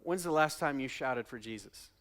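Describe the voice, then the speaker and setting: A man preaching a sermon as pastor, dramatic, acting out quotes and swinging from loud shouting to hushed asides. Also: mid-range voice, expressive, normal speed.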